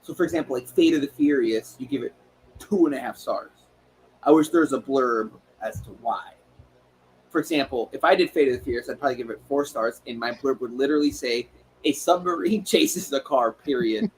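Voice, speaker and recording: A man's voice: medium pitch, a little fast, a little hiss or hum, low-quality recording. A man co-hosting a podcast who talks casually and playfully about films, teasing his friend and swearing now and then. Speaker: podcast co-host. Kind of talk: casual film chat.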